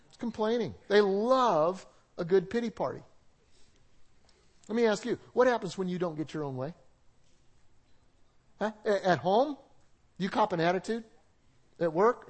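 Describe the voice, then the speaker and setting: A man preaching a sermon as a pastor, talking conversationally, animated, with acted-out quotes and laughter. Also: sits high, normal speed.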